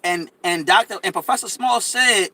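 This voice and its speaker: A man's voice: high voice, normal speed, bright, forceful tone, poor audio. A man talking casually on a podcast, emphatic and repetitive, telling stories with restarts and stutters. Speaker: podcast co-host. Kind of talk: casual conversational commentary.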